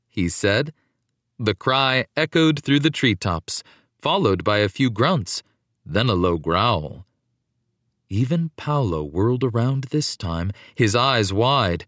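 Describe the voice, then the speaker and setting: Slow, expressive male narrator. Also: mid-range voice, no echo. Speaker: audiobook narrator. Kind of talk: scripted narration.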